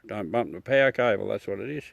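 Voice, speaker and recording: A man's voice: on the low side, fast talker, creaky, dry recording, dull audio. A middle-aged Australian man chatting casually and bluntly with viewers on a livestream, swearing and calling everyone mate. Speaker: livestream host. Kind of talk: casual live chat with viewers.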